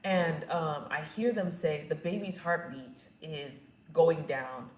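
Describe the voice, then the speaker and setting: A young woman recounts her experience in a relaxed, chatty way, acting out voices and laughing at herself as she goes. Her voice sits on the low side for a woman, and the room adds a noticeable echo. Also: slow. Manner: animated, acts out quotes and screams, laughs at herself. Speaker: vlogger telling her birth story. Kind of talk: casual personal storytelling. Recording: echoey room.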